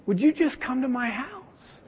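Preacher acting out a desperate father pleading at a healer's feet; high voice, muffled hall sound. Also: very animated, a little slow, breathy edge, full character voice. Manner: pleading, urgent. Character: desperate father begging for his dying daughter. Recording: echoey hall, dull sound.

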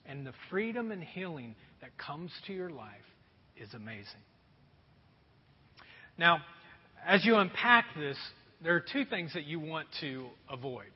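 A middle-aged man preaching a sermon as a pastor, telling a self-deprecating story in an animated way. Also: a little high, measured pace, pauses often, husky. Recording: dull sound with long hall reverb.

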